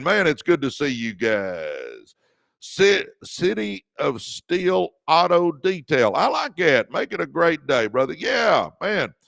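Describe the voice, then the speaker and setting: Energetic man with gravelly voice. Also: fairly high pitch, no echo. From Dallas, Texas. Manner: enthusiastic, hypes viewers, reads out comments. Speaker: host of a live stream. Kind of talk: energetic live-stream greeting and motivational talk. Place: his room at home.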